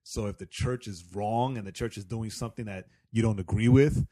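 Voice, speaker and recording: A man's voice: fairly low pitch, steady tone, brisk, dark tone, no room sound. A man co-hosting a podcast, chatting casually and earnestly about church. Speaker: podcast co-host.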